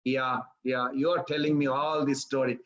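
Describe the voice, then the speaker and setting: A man voicing a sharp-tongued young village girl who teases and doubts a boy's excuses. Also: mid-range voice, level tone, unhurried, muffled recording, pitched below the performer's own voice, lightly acted. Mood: suspicious.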